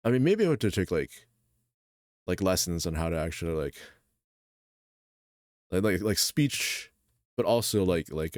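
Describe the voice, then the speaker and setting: A man chatting casually as a streamer while he draws, rambling with lots of filler words in a deep, gravelly voice. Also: no echo, clean studio sound. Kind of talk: casual chat while drawing.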